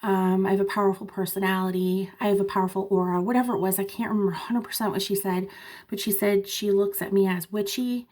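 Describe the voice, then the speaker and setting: A woman vlogger telling a story in casual chat, animated, with laughing asides and many fillers, fighting off a cough. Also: medium pitch, quick pace. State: sick with a cough.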